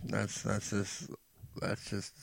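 Gravelly joking podcast co-host man. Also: on the low side, monotone, slow pace, no room sound. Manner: jokey, rambling, mock voices for laughs. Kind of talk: casual chat.

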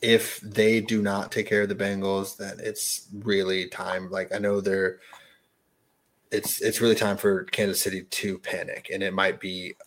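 A man co-hosting a sports podcast in casual chat, talking in halting restarts and laughing easily. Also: deep voice. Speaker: podcast co-host.

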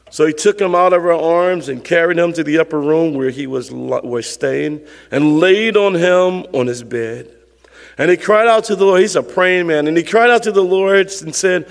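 A man's voice: on the high side, moderate pace, vocal fry, in a large hall. A male pastor preaching a sermon with emphatic, repetitive phrasing and call-and-response to the congregation.

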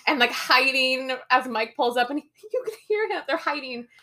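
A woman's voice: high-pitched, expressive, moderate pace, pushed and bright. A young adult woman co-hosting a podcast, retelling film scenes in a rambling, giggly way full of fillers. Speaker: podcast co-host. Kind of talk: casual chat recapping a film. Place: Portland area, Oregon.

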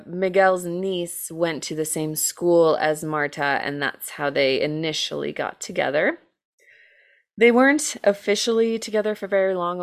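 A young woman co-hosting a podcast, telling a true crime case in a casual, chatty way, full of "like" and light laughs. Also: on the low side. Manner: chatty, many "like"s, laughs often.

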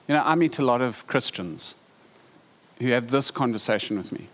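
A man preaching a sermon, emphatic and animated, with rhetorical questions to the congregation. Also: medium pitch, moderate pace, big-room sound. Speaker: pastor.

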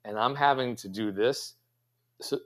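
A man's voice: mid-range voice, measured pace, fairly bright tone. A middle-aged man, a pastry chef guest, answering interview questions in a rambling, reflective way with many fillers and restarts.

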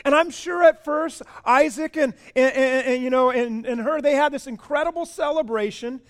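High-voiced pastor preaching a sermon. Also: male voice, moderate pace. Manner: animated, asks the congregation questions, repeats words.

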